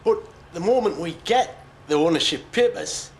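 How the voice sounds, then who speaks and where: A man's voice: sits high, lively intonation, moderate pace, slight background noise. An actor playing an earnest, decent working man in a TV drama. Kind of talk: TV drama acting.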